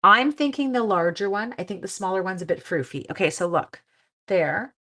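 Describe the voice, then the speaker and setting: A middle-aged woman hosting a crafting livestream, chatting casually and self-deprecatingly, often dropping to quiet mutters as she works. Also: mid-range voice, moderate pace.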